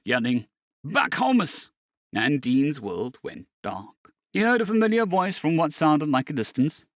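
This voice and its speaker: A man narrating a science fiction story in a steady storytelling manner. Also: mid-range voice, no echo, clean studio sound. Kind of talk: scripted narration.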